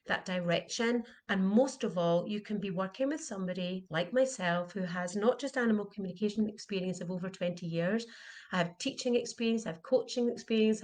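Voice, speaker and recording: A middle-aged animal communication coach with a mid-range voice offers an earnest, motivational talk from the heart, repeating questions to drive them home.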